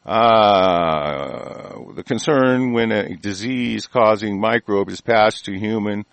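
An older man hosting his own broadcast, delivering an angry, profane tirade that swings between loud outbursts and low muttering. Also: takes it slowly, creaky, dry recording. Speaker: host of an online broadcast. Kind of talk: ranting monologue broadcast.

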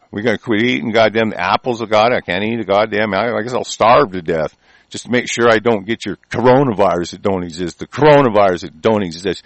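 An older man hosting his own broadcast, delivering an angry, profane tirade that swings between loud outbursts and low muttering. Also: creaky, no echo. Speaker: host of an online broadcast. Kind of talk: ranting monologue broadcast.

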